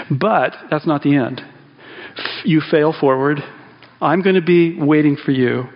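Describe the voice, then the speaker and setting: A man preaches in a loose, chatty way, stopping and restarting his sentences as he goes. His voice is gravelly and sits a little high. The sound is dull and lo-fi, with a long echo from a large church hall. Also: takes it slowly, long pauses. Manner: conversational, animated, with frequent fillers and restarts. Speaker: pastor. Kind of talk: sermon. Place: church sanctuary.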